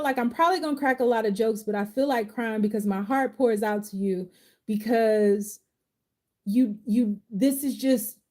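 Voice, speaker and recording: A woman's voice: high voice, a little mellow. A woman who is a tarot reader and life coach, giving a live tarot reading in casual, slangy, heartfelt talk.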